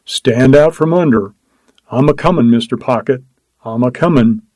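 A man's voice: mid-range voice, moderate pace, a little mellow, no echo, natural voice. A man voicing a weary lone gold prospector in a storybook reading, with a folksy drawl that drops its g's. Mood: cheerful calling.

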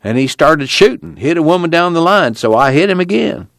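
A man reading aloud and voicing a rebellious rural ex-preacher who talks in a folksy drawl, calm and defiant. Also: a little high, a little fast, no echo, pitched above the performer's own voice. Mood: firm. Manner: folksy rural drawl, firm and plain-spoken.

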